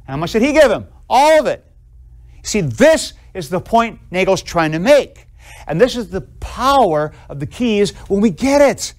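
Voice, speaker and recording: A man lectures on theology in a classroom, his voice pitched a little high. He talks in a lively, conversational way, putting questions to his students and acting out small everyday scenes. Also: moderate pace. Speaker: theology professor.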